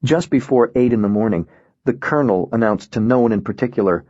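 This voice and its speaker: A man narrating an audiobook in a subdued, measured way. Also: mid-range voice, a little mellow, no echo, lo-fi sound.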